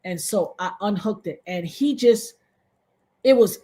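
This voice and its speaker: On her livestream, a woman recounts something personal at a slightly slow pace. She keeps it casual and animated, breaking into loud, high exclamations.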